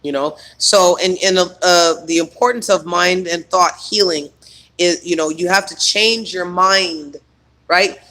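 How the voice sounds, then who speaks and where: A man's voice: high-pitched, fairly even intonation, measured pace, bright, forceful tone. A man coaching on trauma healing in a rambling, emphatic spiritual self-help monologue full of fillers.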